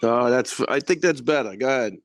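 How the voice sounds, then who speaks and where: Un hombre invitado a un podcast que habla de manera brusca mientras ajusta la llamada. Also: male voice, mid-range voice, a little fast, no room sound, studio quality. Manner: gruff, fussing with the call. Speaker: podcast guest. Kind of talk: casual chat on a call.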